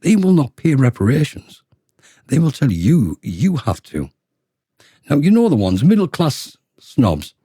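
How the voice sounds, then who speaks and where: A working-class man ranting with a blunt, swearing edge. His pitch swings widely, and his voice is dark and a little husky. The sound is close and dry, with no room echo. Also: wildly swooping pitch, a little slow. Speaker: vlogger. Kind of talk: ranting monologue.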